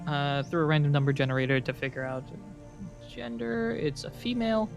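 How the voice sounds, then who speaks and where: A man's voice: a little high, a little fast, vocal fry, faint music behind. A man running a tabletop game as game master, rambling and joking as he narrates. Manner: rambling, joking, laughs often.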